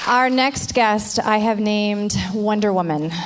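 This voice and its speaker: A woman's voice: medium pitch, takes it slowly, crowd noise. A woman hosting a church gathering, introducing the next guest in an upbeat, admiring way. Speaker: event host introducing speakers. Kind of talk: stage introduction. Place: church hall. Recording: reverberant hall with faint noise.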